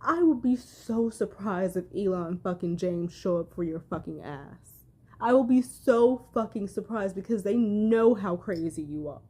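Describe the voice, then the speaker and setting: A woman's voice: mid-range voice, lively intonation, unhurried, dark tone, breathy edge. A woman delivering a heated, profane commentary rant to her viewers. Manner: angry, profane, emphatic. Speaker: commentary vlogger.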